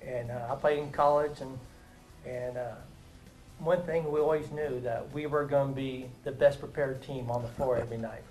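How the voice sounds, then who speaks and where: A man's voice: medium pitch, steady tone, moderate pace, darkish tone, faint music behind, low-quality recording. A man in his fifties, a former player, telling stories about his old coach in an earnest, emphatic way. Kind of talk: casual interview tribute.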